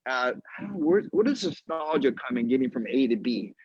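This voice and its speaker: A man, a golf instructor, telling a story in an animated way on a live video call, acting out the other people's voices. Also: mid-range voice, normal speed, a crowd in the background. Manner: acts out quoted voices, laughs mid-story. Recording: dull lo-fi live stream audio.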